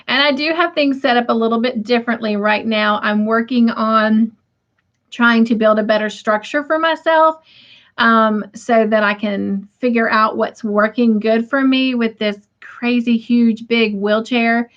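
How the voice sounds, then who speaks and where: A middle-aged woman hosts a casual livestream from home, chatting and laughing often as she reads viewer comments aloud. Her voice is fairly high, her tone steady, and she takes her time. The stream audio is dull and lo-fi.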